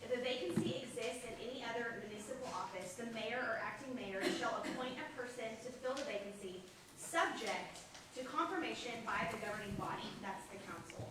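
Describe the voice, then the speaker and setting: A woman's voice: fairly high pitch, background noise. Woman reading prepared comment, echoey hall. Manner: brisk, formal, cites statutes. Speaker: public commenter at a council meeting. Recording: echoey council chamber from far off.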